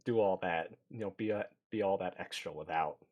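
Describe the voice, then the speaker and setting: A man's voice: sits low, a little fast, a little mellow, muffled recording. A man playing a tabletop game, chatting casually and stammering with self-mocking jokes. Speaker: player.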